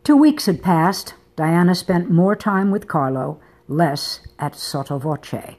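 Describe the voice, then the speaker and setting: Audiobook narrator, woman, low husky mellow voice, soft intimate delivery. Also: animated, slow. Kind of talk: scripted narration of a romance novel.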